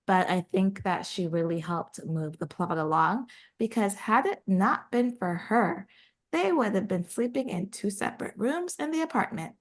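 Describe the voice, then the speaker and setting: A woman co-hosting a book podcast, retelling a story in a lively, animated way and jumping higher to voice characters. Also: normal speed. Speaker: podcast co-host. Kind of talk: casual book chat.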